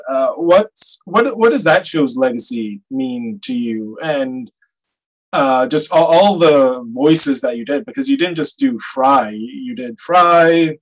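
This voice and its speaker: A man's voice: on the high side, poor audio. A man interviewing a guest over a video call, asking questions hesitantly with lots of restarts. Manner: hesitant, many fillers and restarts.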